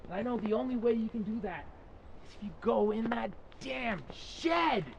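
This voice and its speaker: A man's voice: a little high, noisy background, natural voice. Man playing a bitter, pleading estranged brother. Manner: raw, halting, with swearing and restarts. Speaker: actor. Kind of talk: indie short film acting.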